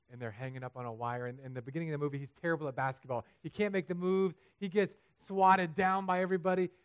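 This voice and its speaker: A man preaching a sermon as pastor, animated and humorous, building to loud, emphatic peaks. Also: a little high, smooth. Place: church sanctuary.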